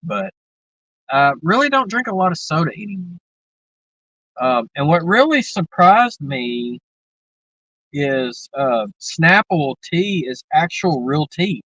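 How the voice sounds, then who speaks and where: A man's voice: on the high side, very animated, slow, a bit bright, dry recording, lo-fi sound. A man from the American South with a Southern accent, hosting a livestream and chatting to viewers in a rambling, drawling way full of fillers. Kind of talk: casual chat.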